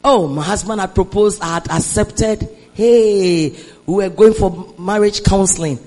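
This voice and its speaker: A Nigerian woman preaching a sermon, moving between hushed storytelling and shouted declarations and calling on the congregation to respond. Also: medium pitch, a little slow, rough recording. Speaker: preacher giving a testimony.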